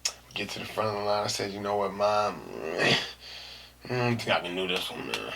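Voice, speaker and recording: This podcast host spins a story in animated slang, voicing the quotes himself and breaking into screams. His voice is fairly low and creaky at a normal speed. There's noise in the background.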